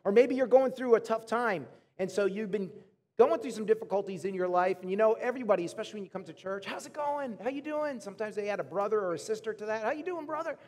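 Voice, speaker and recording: A man in his thirties, a pastor telling stories in an animated, chatty way as he preaches to his church. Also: sits high, fast talker. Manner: animated, chatty storytelling to the congregation. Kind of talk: sermon. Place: church auditorium. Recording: long hall reverb.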